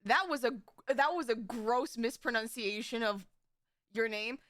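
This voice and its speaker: High bright-voiced girl streaming, giggly and rambly, dry close mic sound. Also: a little slow, dry recording. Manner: rambling, giggly, restarts and self-corrections. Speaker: VTuber streamer. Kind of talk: casual live-stream chat.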